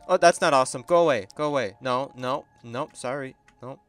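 A man giving excitable, chatty gameplay commentary and laughing often as a gaming video creator. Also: mid-range voice, a little fast, soft background music.

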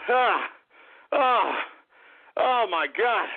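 A man's voice: sits high, animated, a little slow, long pauses. A man hosting a call-in radio show, boisterous and hollering with lots of laughter. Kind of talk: rowdy call-in radio banter. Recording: tinny phone-like audio, faint music.

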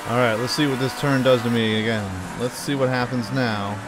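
A gaming channel host with a mid-range voice talks briskly through a casual let's-play, joking, grumbling and talking back to the game, all while he has the hiccups. Background noise is audible.

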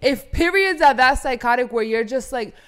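A young woman co-hosting a casual podcast chat, animated and swearing freely as she acts out her own complaints. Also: high-pitched, moderate pace. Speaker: podcast co-host.

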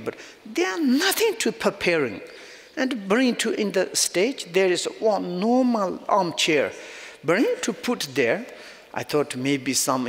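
A man from Tibet, with a Tibetan accent, giving a Buddhist teaching in halting English full of fillers. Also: on the high side, fairly bright tone, big-room sound. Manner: halting non-native English with fillers, storytelling. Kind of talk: Dharma teaching.

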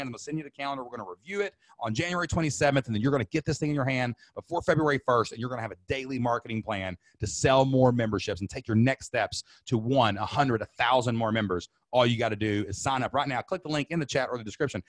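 A man hosting a sales webinar, fired up and preachy, repeating slogans and letting out loud whoops. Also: mid-range voice, dry recording. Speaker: webinar host. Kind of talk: energetic sales webinar talk. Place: home studio under lights.

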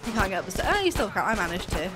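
A young woman from near Birmingham with a softened Brummie accent, chatting fast and mumbling as co-commentator over a speedrun. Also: medium pitch, sing-song, loud music behind the voice. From English Midlands, near Birmingham. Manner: fast-talking, mumbles, laughs often. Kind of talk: casual chat over gameplay.

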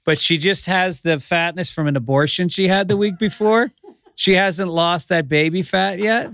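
Comedian guy on a podcast, pretty high voice, deadpan one-liners, dry sound. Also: normal speed, dry recording. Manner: wry, deadpan jokes dropped into the chat. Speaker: comedian guest. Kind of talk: casual chat.

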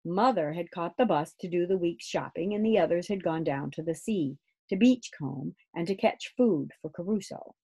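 Brief: woman storyteller, husky and a bit gravelly, reads kids' books with lively animation. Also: normal speed, few pauses. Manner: lively, raising her voice high for shouts and bird cries. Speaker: storyteller reading a children's book aloud. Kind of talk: read-aloud storytelling.

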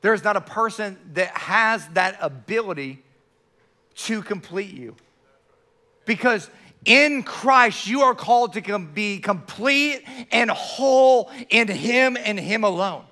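A man preaching a sermon to his church, animated, often restarting his words. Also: sits high, slow. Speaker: pastor.

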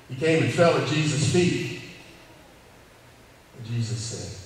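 A man's voice: mid-range voice, expressive, a little slow, a little hiss or hum. Folksy male preacher, easygoing, repeats lines for emphasis; recorded far off in a reverberant hall. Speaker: cowboy church preacher. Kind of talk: informal sermon. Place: church hall. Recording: echoey hall, distant mic, faint ambience.

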